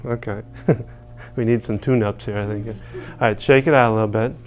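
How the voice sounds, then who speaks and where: A man's voice: on the low side, fairly even intonation, a little fast. A man leading a live group through a tapping session, joking and calling out phrases for them to repeat. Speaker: tapping workshop leader.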